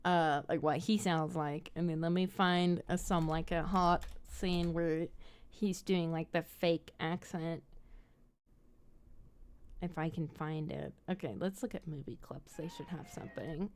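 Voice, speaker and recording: A woman's voice: low voice, steady tone, measured pace, a little mellow, smooth. A woman hosting a casual movie chat, giggly and rambling as she thinks aloud. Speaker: host.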